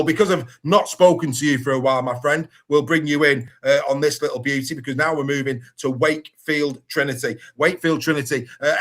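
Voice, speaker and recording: Male podcast host, fairly high voice, chatty and eager, reads lists at speed. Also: fairly bright tone. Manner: chatty, enthusiastic, rattles through lists. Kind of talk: casual sports podcast chat.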